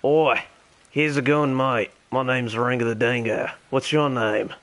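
A man doing a loud fake Aussie bloke. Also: mid-range voice, fairly even intonation, unhurried. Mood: cheeky. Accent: put-on Australian. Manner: boisterous, calls out to strangers. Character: loud jokey Australian bloke character.

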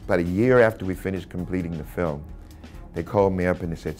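An older actor telling stories from his career in an interview, animated, laughing often and acting out the voices he quotes. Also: low voice, quick pace, soft background music. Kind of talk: anecdotal interview storytelling.

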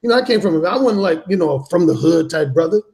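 A man's voice: sits high, animated, fast, creaky, darkish tone. A man telling a story as a podcast guest, speaking bluntly and profanely with heavy emphasis. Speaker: podcast guest, dating author. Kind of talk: casual storytelling in a talk show.

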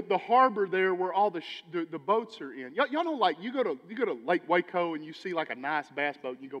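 Animated pastor preaching, high voice. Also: male voice, a little fast, hardly any pauses. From Texas. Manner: animated, preachy, swings between loud emphasis and quiet asides. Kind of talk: sermon. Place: church sanctuary. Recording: church hall with long reverb.

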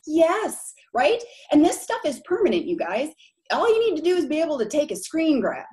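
A woman in her forties with a Minnesota accent and drawn-out long O's, speaking in a slightly high voice. She gives a live presentation to real estate agents in a frank, chatty way and keeps checking in with her audience. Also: huge pitch swings, darkish tone. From Minneapolis, Minnesota, USA.

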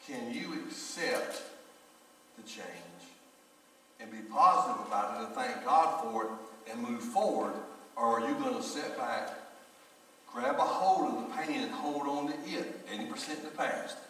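A man's voice: mid-range voice, big pitch swings, normal speed, pushed and bright. A middle-aged man, a pastor telling folksy stories and speaking straight to his congregation. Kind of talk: sermon. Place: church sanctuary. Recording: echoey church hall from far off.

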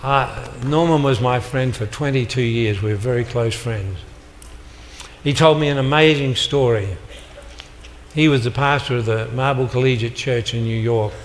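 At normal speed and in a medium-pitched voice, an older man delivers a motivational talk to a live audience in a large hall, telling stories and acting out dialogue with punchy comic timing. The live hall recording has long reverb and a little hiss or hum.

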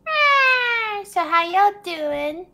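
An eighteen-year-old woman on a video call, speaking softly and tearfully. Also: sits high, very animated, moderate pace. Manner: soft and tearful. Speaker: partner on a call. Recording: noisy video call audio.

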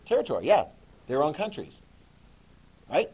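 A man teaching a class, lecturing in a lively way and checking in with the students with frequent "okay?"s and questions. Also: a little high, normal speed, slightly rough.

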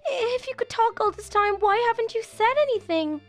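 Young woman doing a game roleplay, high voice, excitable and motherly. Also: fairly quick, soft background music. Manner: animated and exclaiming, motherly. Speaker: game role-player. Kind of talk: narrated game role-play.

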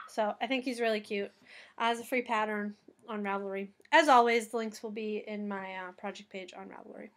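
A woman's voice: fairly high pitch, sharp tone. A tired woman hosting a casual knitting vlog from home, chatty and rambling, going off on tangents and laughing at her own mistakes. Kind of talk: casual chat. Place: at home with a cat on her lap.

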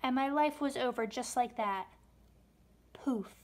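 A sorrowful boy ghost, voiced by a woman reading a storybook, lamenting his fate in a soft, plaintive way. The voice stays close to her own, a gentle storybook read-aloud. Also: high-pitched, unhurried. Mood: mournful. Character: mournful boy ghost, young scientist.

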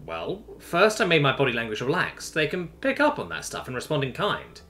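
A man voicing an easygoing young human man who talks softly and gently, coaxing a wary animal. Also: fairly high pitch, wildly swooping pitch, fairly quick, full character voice. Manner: soft, coaxing, casual. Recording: faint music underneath.

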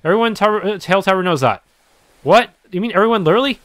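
A man reading aloud the lines of a caring male friend who teases gently, halting with fillers. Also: high-pitched, no room sound.

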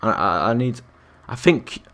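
In an expressive, unhurried way, a young man narrates his live game stream, counting aloud and reacting to viewers and other players. His mid-range voice has a fairly bright tone.

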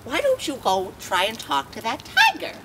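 Woman as an unhinged, foul-mouthed scoutmaster, lively and high, on a noisy home-video track. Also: moderate pace, gravelly, exaggerated voice. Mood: instructive. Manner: cursing, erratic swings from yelling to meek. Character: crazy foul-mouthed scoutmaster, adult, hot-tempered.

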